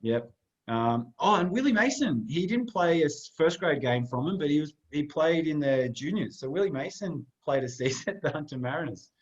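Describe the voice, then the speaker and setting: A man's voice: on the high side, animated, normal speed, husky, lo-fi sound. A man, co-hosting a casual sports podcast and rambling through photos with plenty of fillers. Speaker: podcast co-host.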